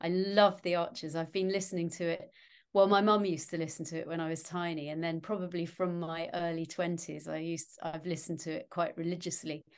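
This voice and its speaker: Chatty middle-aged actress telling stories. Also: female voice, on the low side, little pitch movement, fairly quick, smooth. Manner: chatty, self-mocking, acts out quotes. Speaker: actress guest. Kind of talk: anecdotal interview chat.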